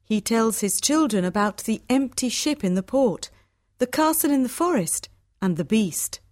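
A woman giving scripted storybook narration, clear, measured and even. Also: a little high, dry recording, clean studio sound.

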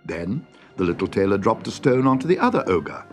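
A man reading a fairy tale aloud in an expressive, dramatic way. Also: on the low side, fairly quick. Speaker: narrator. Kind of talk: storybook reading. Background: music.

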